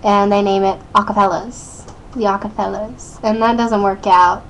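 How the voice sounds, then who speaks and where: A woman's voice: mid-range voice, steady tone, moderate pace, a little hiss or hum, rough recording. A teenage girl recapping a TV episode into her webcam, chatty and rambling, full of "like" and "um", giggling often. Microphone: built-in webcam mic.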